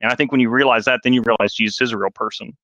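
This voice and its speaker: A man talking casually on a Christian podcast, animated and telling stories with acted-out quotes. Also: medium pitch, very fast, no echo, highs cut off. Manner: animated storyteller, acts out quotes.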